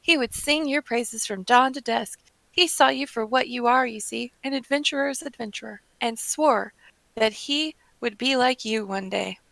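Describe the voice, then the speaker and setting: A woman's voice: on the high side, moderate pace, gravelly, a bit bright, no echo, low-quality recording. A woman reading a timid young healer girl. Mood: earnest. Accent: Southern American, put on. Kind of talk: reading game dialogue aloud on stream.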